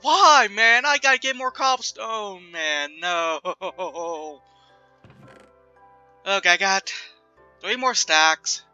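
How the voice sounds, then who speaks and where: A young man giving casual, chatty commentary while playing a building game, jumpy and self-mocking and quick to laugh. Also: sits high, lively intonation, sharp tone, no echo, muffled recording, soft background music. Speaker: gaming video creator.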